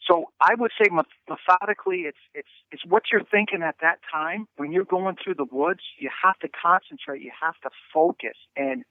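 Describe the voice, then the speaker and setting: A man telling a hunting story in an interview, animated, with many stammered restarts and a habit of asking "right?". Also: on the high side, normal speed, hardly any pauses, no room sound. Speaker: hunting guest. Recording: tinny phone line.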